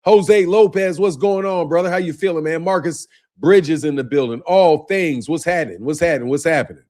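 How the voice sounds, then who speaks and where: A man's voice: on the high side, a little fast, a little mellow. A man hosting a boxing channel livestream, chatting casually and profanely while greeting viewers by name.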